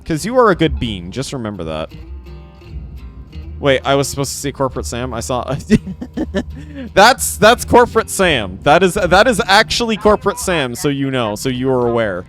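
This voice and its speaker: A man's voice: mid-range voice, big pitch swings, moderate pace, a bit bright, faint music behind. Playful man streaming a game. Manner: playful, rambling, repeats phrases, talks to chat. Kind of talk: casual live gameplay commentary.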